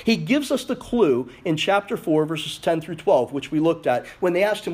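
Animated, high-voiced male preacher. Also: normal speed, slightly rough. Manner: animated, reads scripture aloud and asks rhetorical questions. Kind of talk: sermon.

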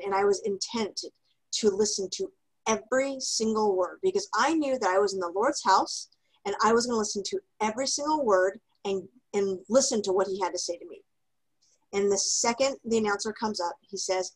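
A woman co-hosting a casual podcast, telling a personal story in a lively way with laughter, fillers and restarts. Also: medium pitch, rough recording. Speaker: podcast co-host.

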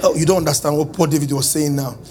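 High-voiced preacher. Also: male voice, steady tone, quick pace, faint music behind. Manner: call-and-response preaching, sing-song swings into shouting. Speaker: pastor. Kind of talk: sermon. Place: church service.

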